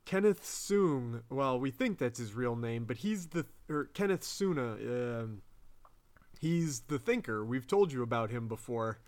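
A man's voice: medium pitch, lively intonation, measured pace. A man hosting a podcast, casually retelling a TV episode in a chatty way and laughing as he goes. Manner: chatty, laughing, acts out quotes in bigger voices. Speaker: podcast host.

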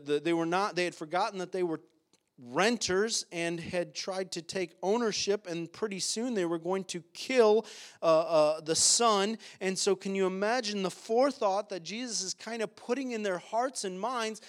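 A male pastor with a high-pitched voice delivering a sermon. He preaches with passion, climbing to emphatic peaks, and pauses on filler sounds between points. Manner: impassioned, rising to emphatic peaks, with frequent "uh" fillers.

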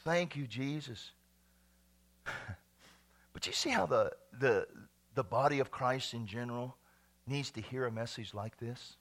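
A middle-aged male pastor preaching an exuberant sermon, swinging from shouts to hushed tones and laughing often. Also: medium pitch, measured pace, pauses often.

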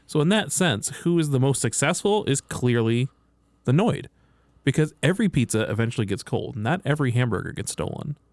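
A man's voice: mid-range voice, animated, a little fast, darkish tone, no echo. A man co-hosting a podcast in casual chat, making his points plainly with the odd chuckle. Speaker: podcast co-host.

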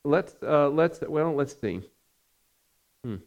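A man preaching a sermon as pastor, earnest and measured, with frequent fillers. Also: on the high side, animated, darkish tone, highs cut off.

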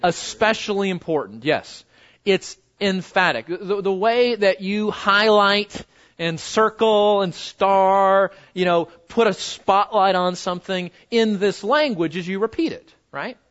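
A man's voice: high voice, measured pace, fairly bright tone, lo-fi sound. A man preaching a sermon, emphatic and repeating words for stress, often putting questions to his listeners. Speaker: pastor.

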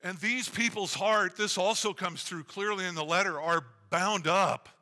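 Earnest preacher in a reverberant church hall. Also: male voice, high-pitched, pushed and bright. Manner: earnest, measured preaching with frequent restarts. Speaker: pastor. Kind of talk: sermon. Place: church sanctuary.

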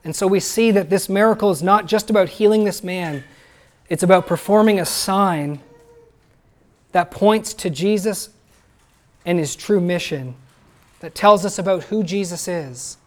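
A man's voice: high voice, measured pace, long pauses. A man preaching a sermon to his congregation, talking plainly and asking the listeners questions. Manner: conversational, asks the listeners questions. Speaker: pastor.

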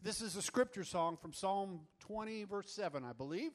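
High-voiced, upbeat male worship leader. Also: animated, moderate pace. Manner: upbeat, coaxing and teasing the crowd. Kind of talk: teaching a church congregation a song. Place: church room with an audience.

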